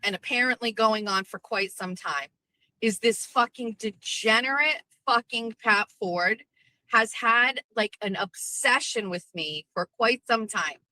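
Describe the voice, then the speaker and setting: A middle-aged woman hosting a livestream podcast, ranting in a brash, profane, animated way. Her voice sits high and sounds bright and forceful. The recording is dry and close. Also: a little slow, no echo, low-quality recording. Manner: brash, swearing, animated storytelling. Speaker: podcast host.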